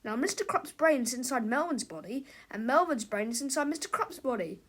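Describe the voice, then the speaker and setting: A woman's voice: high-pitched, animated, a little fast, husky. A woman voicing a clever schoolboy who patiently explains a mix-up. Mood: explaining.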